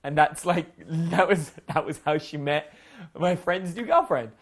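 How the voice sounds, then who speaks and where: A man's voice: fairly high pitch, measured pace. A man speaking as a dating coach, telling stories in a blunt, profane way and acting out the lines of the people in them. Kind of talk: casual storytelling monologue.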